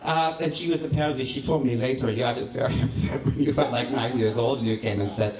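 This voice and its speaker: A man's voice: medium pitch, fast, a crowd in the background, close to an everyday voice. A man performing a flamboyant male cabaret host with a vague put-on European accent, telling rambling, self-mocking stories live in a small venue. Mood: theatrical. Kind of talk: live stand-up monologue. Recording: roomy live venue, far from the mic.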